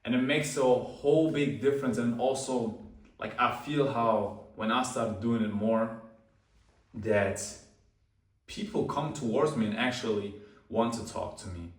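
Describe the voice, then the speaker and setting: A man hosting a self-improvement video, talking slowly and calmly with deliberate pauses. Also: mid-range voice, roomy sound, far from the mic. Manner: slow, calm, pausing deliberately. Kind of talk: slow deliberate talk to camera.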